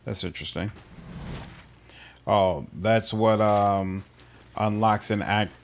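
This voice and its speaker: A man casually chatting through a game livestream, answering his chat in a relaxed way. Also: fairly low pitch, slow. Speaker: streamer. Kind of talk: casual gameplay livestream commentary.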